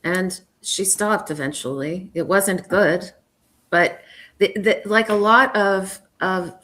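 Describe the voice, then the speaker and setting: A woman hosting a casual interview, speaking in a measured, thoughtful way and reading out viewer comments. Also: mid-range voice, fairly bright tone. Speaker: host.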